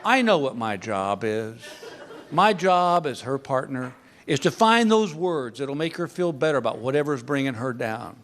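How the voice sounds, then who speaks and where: Give me an older man doing stand-up on a club stage, lively and exasperated. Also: mid-range voice, normal speed, slight background noise. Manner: animated storytelling, mock exasperation. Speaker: stand-up comedian. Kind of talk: stand-up comedy routine.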